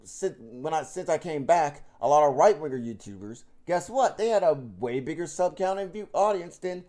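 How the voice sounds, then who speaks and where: A man's voice: on the high side, animated, normal speed, mellow. A man ranting straight to his audience, heated and profane, rambling with many restarts. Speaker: YouTube commentator. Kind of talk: unscripted rant to camera.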